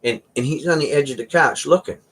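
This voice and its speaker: Husky man rambling about his pets. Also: medium pitch, fairly quick, a bit bright. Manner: rambling storyteller, imitates cats meowing. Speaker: host. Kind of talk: casual chat.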